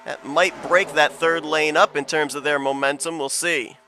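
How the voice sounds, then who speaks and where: A man commenting on a sim race broadcast in quick, chatty play-by-play with bursts of excitement. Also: a little high, soft background music.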